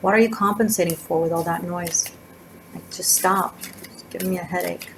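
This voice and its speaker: This tarot reader's fairly low voice stays fairly even at a normal speed as she chats her way through a loose, digressive reading full of fillers, hopping from subject to subject. Faint sirens and motorcycles can be heard from the street outside her indoor spot.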